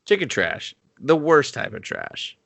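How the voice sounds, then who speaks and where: A man's voice: fairly high pitch, a little slow, creaky, dry recording. A man co-hosting a casual movie review podcast, swearing freely and acting out scenes as he recaps them. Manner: animated, swears often, acts out scenes in put-on voices. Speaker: podcast co-host.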